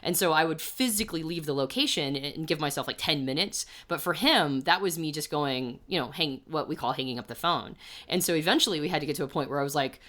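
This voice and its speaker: A woman's voice: sits low, fast, a bit bright. A woman co-hosting a podcast interview, chatting in a self-reflective way and thinking aloud. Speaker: podcast co-host. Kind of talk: casual interview talk.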